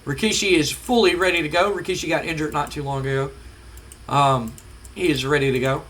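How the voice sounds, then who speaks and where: A man recaps his wrestling sim in casual let's-play commentary. His voice is bright and forceful and sits slightly high. He talks loosely, with plenty of ums. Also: a little fast. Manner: relaxed, chatty, with filler ums. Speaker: gamer narrating a wrestling sim.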